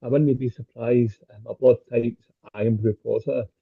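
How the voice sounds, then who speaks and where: A man's voice: mid-range voice, steady tone, moderate pace, creaky, husky. A Scottish man doing a stand-up set over a video call, with crude, self-deprecating punchlines. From Scotland. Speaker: stand-up comedian. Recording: tinny phone-like call audio.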